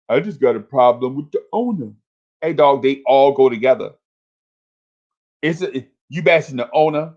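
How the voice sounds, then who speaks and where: A man's voice: on the high side, darkish tone, highs cut off. A man hosting a fan livestream, talking casually and hyping up his chat in repetitive, slangy calls.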